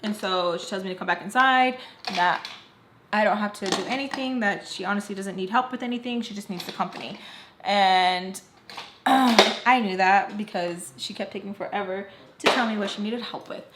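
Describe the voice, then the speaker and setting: A young woman retelling a personal story in a casual, animated storytime vlog, acting out the quoted lines. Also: mid-range voice, moderate pace, noisy background. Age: young adult. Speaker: storytime vlogger. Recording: roomy echo.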